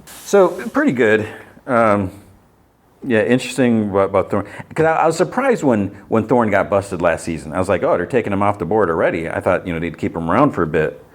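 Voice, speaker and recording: A man's voice: fairly low pitch, big pitch swings, brisk. A man hosting a podcast, recapping TV episodes in a casual, rambling way with many fillers. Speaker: podcast host.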